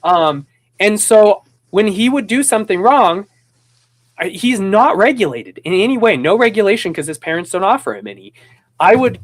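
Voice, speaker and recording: High-voiced man, animated storyteller. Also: normal speed. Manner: rambling with restarts. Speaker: podcast host. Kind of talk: casual conversation.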